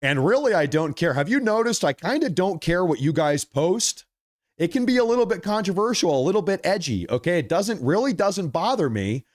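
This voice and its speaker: A man's voice: sits high, very animated, fairly quick. A man hosting a live stream, reading viewer super chats aloud and teasing viewers in a joking, repetitive way. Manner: joking, teasing, repeats his thank-yous. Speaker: livestream host.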